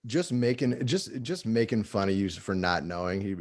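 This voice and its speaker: Low-voiced man telling animated stories. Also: normal speed. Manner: profane, animated storyteller. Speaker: podcast guest. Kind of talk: casual comedy chat.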